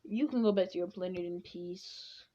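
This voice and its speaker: A woman voicing an all-powerful male alien ruler, giving orders in a halting, rambling way. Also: on the low side, mellow, lo-fi sound, lightly acted. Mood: bossy.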